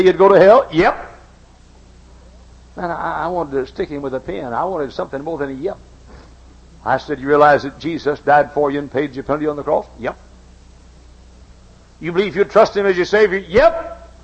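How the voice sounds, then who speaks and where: A man preaching a sermon, telling stories and acting out the voices in them, going from quiet to shouting. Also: medium pitch, husky. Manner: dramatic, acts out voices, swings from soft to shouting. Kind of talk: sermon with storytelling. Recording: dull lo-fi recording.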